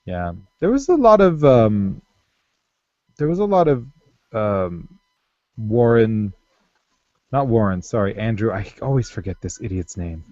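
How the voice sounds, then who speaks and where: Lively-voiced male podcast co-host. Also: fairly low pitch, measured pace, pauses often, no room sound. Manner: enthusiastic, swears casually, jokey. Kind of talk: casual podcast chat. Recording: dry, slightly muffled lo-fi audio.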